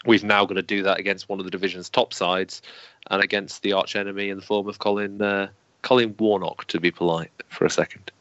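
A man's voice: low voice, level tone, a little fast, fairly bright tone, no room sound. A man previewing a football match, talking hesitantly with many fillers and restarts. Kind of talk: casual football preview chat. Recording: dry, dull lo-fi sound.

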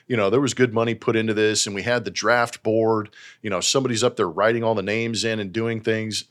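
A man co-hosting a casual sports podcast, telling animated stories and saying "dude" a lot, laughing as he talks. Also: on the low side, fairly quick. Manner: animated storyteller, says "dude" often, laughs mid-sentence. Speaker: podcast co-host, former baseball executive.

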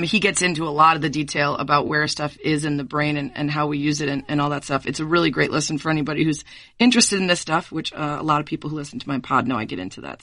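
A woman hosting a podcast, chatting with a guest and then delivering an animated, sarcastic rant. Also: low-pitched. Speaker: podcast host. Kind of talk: casual interview, then a scripted rant.

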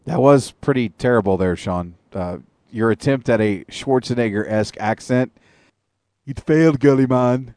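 A man co-hosting a casual podcast, swearing often and telling stories in an animated way. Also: medium pitch, normal speed, smooth, dry recording. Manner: profane, animated storytelling. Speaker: podcast co-host.

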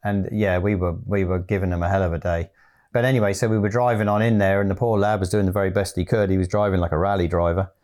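A man recounting his part of a story in a plain, measured way, with frequent fillers. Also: deep voice, little pitch movement, a little mellow. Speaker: guest co-storyteller. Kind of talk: personal storytelling.

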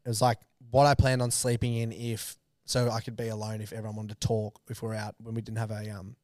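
A young Australian man in his twenties, a guest on a podcast, telling rambling stories with quick laughs and loud shouted bits. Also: fairly low pitch, flat delivery, no room sound, studio quality. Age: 20s. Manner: rambling, laughing mid-sentence, acts out his own shouts. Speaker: guest runner. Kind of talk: casual storytelling.

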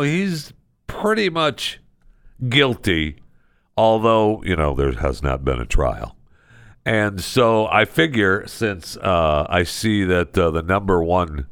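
A man's voice: low-pitched, a bit bright, smooth, dry recording, clean studio sound. A man hosting a podcast, delivering a casual comedic monologue in a sarcastic, mock-outraged rant. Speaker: podcast host.

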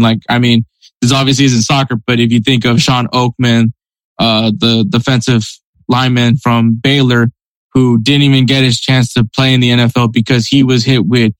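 A man's voice: mid-range voice, no room sound, low-quality recording. A man hosting a podcast, talking through news headlines in a conversational, hedging way. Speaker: podcast host.

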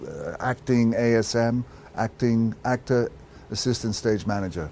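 A man's voice: medium pitch, measured pace, dark tone, slight background noise. A man in his sixties, born in Ireland, telling stories in a candid interview, reflective and self-deprecating, restarting his sentences often. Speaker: actor guest.

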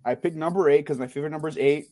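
A young man, telling a rowdy story on a talk show, swearing freely and talking fast. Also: fairly high pitch, dry recording. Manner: profane, animated storyteller. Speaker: caller sharing a story. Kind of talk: casual storytelling.

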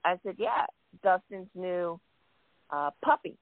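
A woman telling stories in a casual chat, quoting people as she goes and often clearing her throat. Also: lowish voice, animated, takes it slowly, dry recording. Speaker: guest wrestling fan. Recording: tinny phone line, dry.

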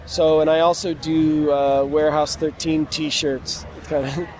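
Give me a male actor interviewed at a convention, a bit high-pitched, rambling with fillers. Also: level tone, a crowd in the background, poor audio. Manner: rambling, halting with many fillers and restarts. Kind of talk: casual interview talk. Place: convention floor, public space.

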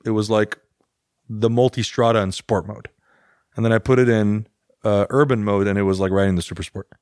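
A man's voice: lowish voice, fairly even intonation, fairly quick, darkish tone, no echo, studio quality. A man co-hosting a casual podcast chat, enthusiastic and laughing often, swearing freely. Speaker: podcast co-host.

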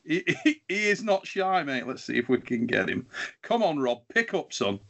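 A man's voice: fairly high pitch, big pitch swings, moderate pace, gravelly, a little hiss or hum. A man hosting a podcast, chatting casually and laughing often. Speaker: podcast host. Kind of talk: casual chat.

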